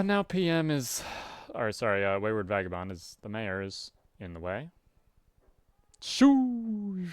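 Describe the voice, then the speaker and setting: A man with a fairly low voice reads a webcomic aloud and comments as he goes. His delivery swings widely in pitch, jumping into loud exclamations. The recording is dry and close, with no room sound. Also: clean tone, no room sound. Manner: reads narration evenly, with sudden loud animated outbursts. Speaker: webcomic reader. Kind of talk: casual read-aloud with commentary.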